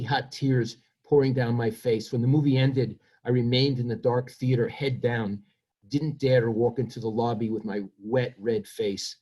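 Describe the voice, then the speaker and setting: A man's voice: mid-range voice, dark tone. A man, reading from his book and then talking about himself in a reflective, self-deprecating way. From Brooklyn, New York. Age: 70s. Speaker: author.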